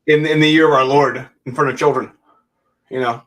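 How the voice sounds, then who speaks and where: A man co-hosting a live-stream chat show, animated and giggly as he talks over the clips he plays. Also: mid-range voice, brisk. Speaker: podcast co-host.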